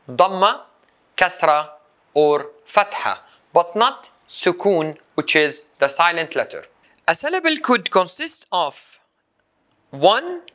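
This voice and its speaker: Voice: medium pitch, bright, forceful tone. A language teacher giving a recorded lesson, saying each example word twice and then explaining it.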